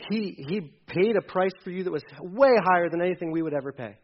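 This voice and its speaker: A male pastor preaching a sermon to a congregation, emphatic and urgent, dropping into quiet asides. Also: sits high, quick pace, lo-fi sound. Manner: emphatic, swings between loud urging and quiet asides. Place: church hall with a congregation.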